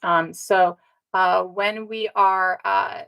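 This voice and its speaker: A woman's voice: mid-range voice, steady tone, drawn-out words, vocal fry, pushed and bright, smooth, low-quality recording. A woman talking straight to her viewers in a casual monologue, earnest, with many ums and rhetorical "right?" tags. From Indigenous North America. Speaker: commentator. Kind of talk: casual direct-to-camera monologue.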